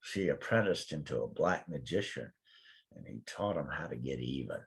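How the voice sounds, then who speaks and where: Older man with a gravelly, husky voice. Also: extremely low pitch, moderate pace. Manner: rambling, animated storytelling with put-on quoted voices. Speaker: guest minister. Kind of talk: casual spiritual chat.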